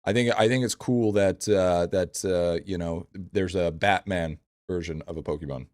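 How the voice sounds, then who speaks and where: Male game streamer, lowish voice, blunt and foul-mouthed, loops his phrases, dry close sound. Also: normal speed, darkish tone, dry recording. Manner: blunt, profane, repeats phrases. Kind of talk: casual live-stream chat answering viewers.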